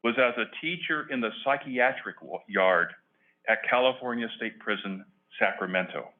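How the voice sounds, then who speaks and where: A man's voice: medium pitch, normal speed. Older man reading an earnest public comment. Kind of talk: prepared public comment speech. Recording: phone-like lo-fi meeting audio.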